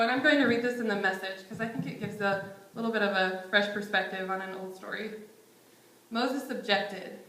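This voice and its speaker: A young woman with a slightly bright, higher voice preaches a conversational sermon in a church sanctuary, casual and self-deprecating and often chuckling. The recording carries roomy sanctuary echo.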